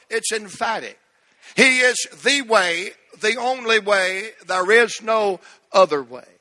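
A man's voice: high voice, pushed and bright. A middle-aged man preaching a sermon as pastor, emphatic and repetitive, with rhetorical questions and folksy asides.

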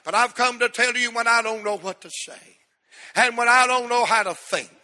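A middle-aged man preaching an emotional sermon as pastor in a church, with a drawn-out cadence that swells. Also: very high voice, fairly even intonation, pushed and bright. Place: church sanctuary. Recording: long hall reverb.

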